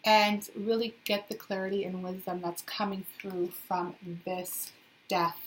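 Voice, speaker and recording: A woman's voice: mid-range voice, level tone, unhurried, a little hiss or hum, rough recording. A young woman giving a casual tarot reading to her viewers, chatty and sassy, with playful asides. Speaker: tarot reader. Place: indoors in a hot, humid city flat.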